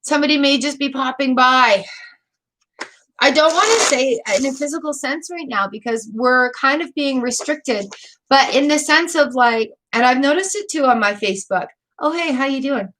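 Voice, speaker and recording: Chatty high-voiced woman reading tarot. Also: moderate pace, a little hiss or hum. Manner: warm, chatty, emotional, rambling with fillers. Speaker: tarot reader. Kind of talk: live-stream tarot reading.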